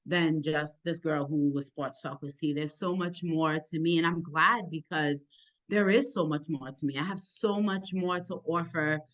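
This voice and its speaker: A young woman with a low, deep voice and a thick accent talks about her work. She sounds eager, grateful and animated, and her speech rushes forward in bursts. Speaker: sports podcaster and journalist. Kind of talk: casual interview answers.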